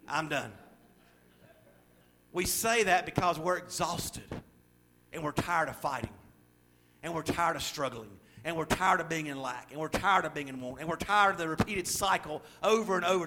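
A middle-aged man preaching a sermon, swinging between loud emphatic stretches and quiet, confiding asides. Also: a little high.

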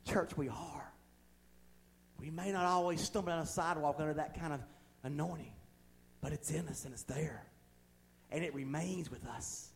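Fervent high-voiced male preacher. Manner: fervent preaching that swells from quiet to loud; folksy, plain-spoken, with humorous asides. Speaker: pastor. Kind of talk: sermon. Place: church.

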